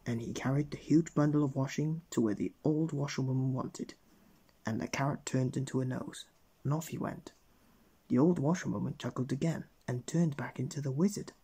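A man reading a bedtime story aloud in a gentle, expressive way. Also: medium pitch, normal speed, husky.

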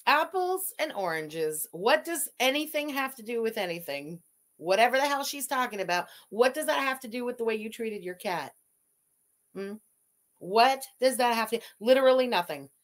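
A blunt woman hosts a livestream with sarcastic commentary. Her voice sits a little higher than most, and her delivery is direct and dry. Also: expressive, normal speed. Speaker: livestream host.

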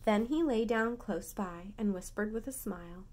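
A woman reading a bedtime story aloud to a toddler, gentle and expressive, coaxing the child along. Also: medium pitch, moderate pace, few pauses. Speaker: storybook reader.

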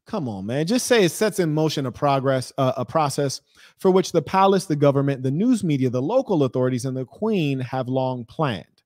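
A man's voice: mid-range voice, animated, brisk, a little mellow, no room sound, studio quality. A man, hosting a podcast and giving blunt, profane, mocking commentary. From United States. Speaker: podcast host. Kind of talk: ranting commentary.

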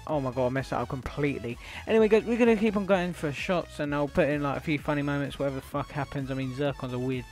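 A young British man hosting a gaming video, talking brashly to his viewers and his opponent. He swears freely, trash-talks, and has a slightly high voice. Faint music plays behind him. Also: fast talker, hardly any pauses. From Britain. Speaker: gaming YouTuber host. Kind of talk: gaming commentary with an online opponent.

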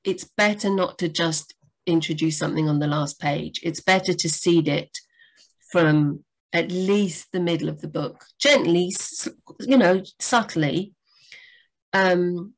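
Lady giving writing tips on a video call, kinda low voice, rambles and restarts a lot. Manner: chatty, rambling with restarts, animated pitch jumps. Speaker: book editor and co-host. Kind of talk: live Q&A chat.

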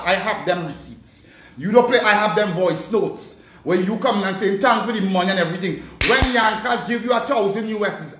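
A woman's voice: fairly high pitch, fairly bright tone, echoey room. A Jamaican woman delivering a profane, taunting rant aimed at someone, scolding her directly. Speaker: vlogger. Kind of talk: angry social media rant.

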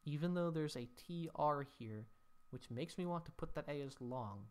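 A man's voice: on the high side, lively intonation, moderate pace, a little mellow. A man teaching Latin poetry scansion, thinking aloud as he works through each line, with mock-dramatic sighs at the rule-breaking.

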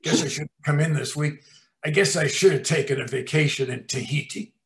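A man's voice: fairly high pitch, brisk, creaky. A man quoting a sulky aging male actor who grumbles with sarcastic self-pity. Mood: sulky sarcasm. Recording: roomy echo.

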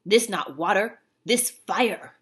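A woman's voice: medium pitch, animated, slow, slightly rough, exaggerated voice. A woman voicing a small, proud male warrior who speaks in clipped, broken phrases. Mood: urgent.

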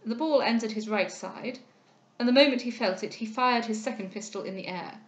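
Formal courteous gentleman, read by a woman. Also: fairly high pitch, lo-fi sound, close to an everyday voice. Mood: earnest. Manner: formal, polite, measured. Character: courteous gentleman in a period novel. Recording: roomy echo.

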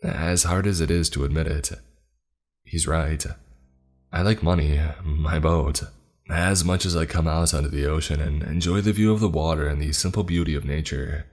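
A man narrating a scripted horror story in the first person, with measured, dramatic storytelling. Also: very deep voice, steady tone, a little mellow. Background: faint music.

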